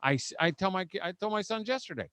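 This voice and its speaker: A middle-aged man speaking at a homeschool conference before a live audience. He tells stories with humor and quick asides, often restarting his sentences, and ends by leading a prayer. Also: high voice, lively intonation, bright, forceful tone, smooth, no room sound. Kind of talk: live seminar talk with humor, closing in prayer.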